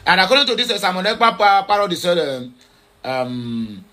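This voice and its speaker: A man's voice: high-pitched, sing-song, fairly quick, pushed and bright. A man commenting on social media posts, hesitant with many fillers and self-corrections, repeating points urgently. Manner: repetitive, urgent. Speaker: online news commentator.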